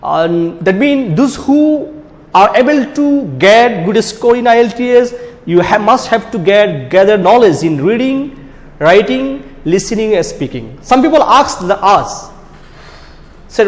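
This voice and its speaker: A man's voice: sits high, lively intonation, measured pace. A man from Bangladesh with a Bangladeshi English accent, teaching an exam prep class in an emphatic style that repeats key words. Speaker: IELTS teacher. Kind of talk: classroom lecture. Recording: long hall reverb.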